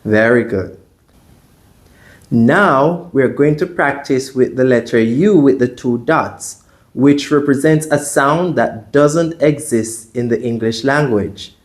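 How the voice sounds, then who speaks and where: Guy teaching pronunciation, super slow and deliberate, repeat-after-me style. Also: mid-range voice. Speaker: language teacher. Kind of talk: pronunciation drill lesson.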